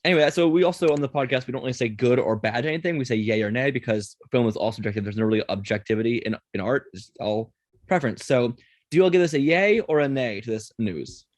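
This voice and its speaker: Fast-talking male podcast host. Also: medium pitch, no room sound. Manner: quick, chatty, runs the segments. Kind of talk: casual chat.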